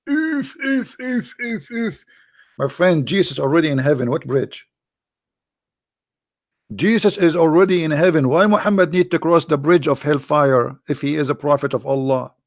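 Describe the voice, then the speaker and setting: A man's voice: on the high side, moderate pace, no room sound, clean studio sound. A man with an Arabic accent hosting his channel, giving sarcastic, mocking commentary with rambling asides. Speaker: channel host. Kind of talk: mocking religious commentary stream.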